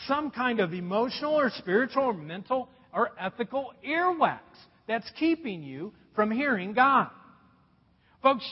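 Brief: high, lively male pastor, slightly husky, preaching in a long-echo hall on a dull recording. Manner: emphatic, repeats key phrases, drops to quiet. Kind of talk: sermon. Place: church auditorium.

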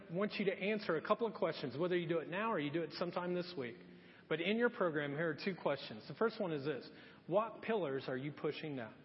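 A middle-aged man preaching a sermon, earnest and exhorting, repeating his key questions. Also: high-pitched. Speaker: pastor. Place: church sanctuary. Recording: dull sound with long church reverb.

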